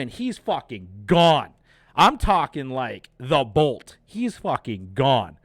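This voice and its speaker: A young man hosting a casual movie review, retelling the plot excitedly, cursing and acting out lines. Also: medium pitch, slow, no room sound, clean studio sound. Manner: excited, profane retelling with acted-out quotes. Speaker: host.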